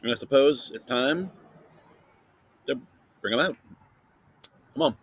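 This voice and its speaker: A man hosting a casual science podcast for kids, playfully interviewing a silent guest and filling pauses with chatter. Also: mid-range voice, breathy edge. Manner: chatty with many fillers. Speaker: podcast host.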